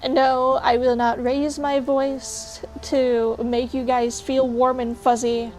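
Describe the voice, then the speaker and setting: A woman's voice: high-pitched, darkish tone. A young woman streaming, chatting casually and ranting bluntly with jokes to her chat. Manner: blunt, joking rants to chat.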